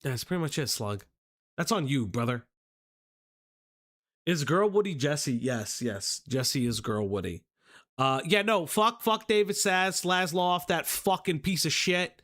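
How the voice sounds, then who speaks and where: High, lively male streamer. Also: a little slow. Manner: rambling, profane, many fillers and restarts. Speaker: livestream commentary host. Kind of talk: casual livestream chat.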